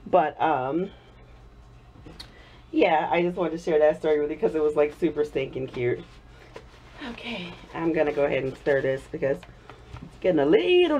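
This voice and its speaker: A woman's voice: low voice, dark tone. A woman in her thirties telling a story in a casual home vlog, chatty and laughing often, still getting over an illness. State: recovering from illness. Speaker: soap-making vlogger.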